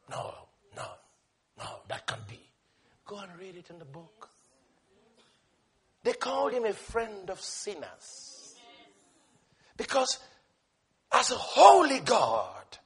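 A man preaching a sermon with passion, swinging between shouted lines and hushed asides, and telling stories with a laugh. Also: high-pitched, very animated, slow, long pauses, husky. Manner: impassioned, shouting bursts and sudden hushed asides; storytelling with laughter.

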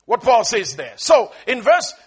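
A man preaching a sermon as pastor, emphatic and calling on his listeners to repeat after him, his delivery moving between shouting and quiet talk. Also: very high-pitched, big pitch swings, unhurried, husky. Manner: emphatic, calls on the congregation to repeat lines.

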